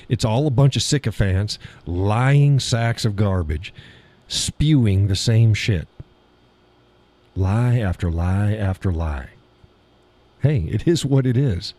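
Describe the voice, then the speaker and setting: Scornful low-voiced man streaming. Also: a little mellow, dry recording. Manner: blunt, scornful, laughs often. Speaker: live stream host. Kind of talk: casual political commentary reading chat.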